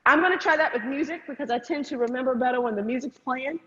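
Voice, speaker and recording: A woman's voice: high voice, fast talker, a bit bright. A woman teaching an online hip hop dance class, upbeat and counting beats aloud. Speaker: dance instructor. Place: room, virtual class. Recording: echoey, dull lo-fi sound with faint noise.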